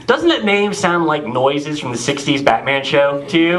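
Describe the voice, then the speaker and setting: A man's voice: on the high side, big pitch swings, a little slow, a bit bright, poor audio. A young man from Tennessee doing a laid-back, sarcastic stand-up set on a club stage. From Tennessee, USA. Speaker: stand-up comedian.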